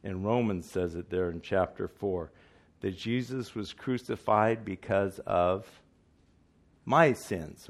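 A man preaches a sermon at a church meeting in a fairly low voice. He is earnest and emphatic and often puts questions to his listeners. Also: gravelly.

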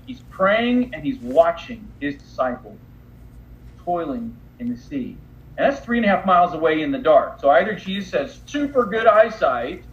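A man's voice: fairly high pitch, fairly bright tone. A man leading a Bible study, reading scripture aloud and then explaining it in a conversational way. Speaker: Bible teacher. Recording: roomy, slightly dull recording with faint background noise.

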